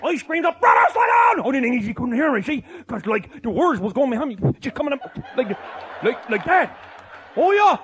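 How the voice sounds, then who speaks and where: High-voiced older man shouting a tall tale. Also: big pitch swings, brisk. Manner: boisterous, often shouting and laughing mid-sentence. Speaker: storyteller. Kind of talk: comic tall-tale telling.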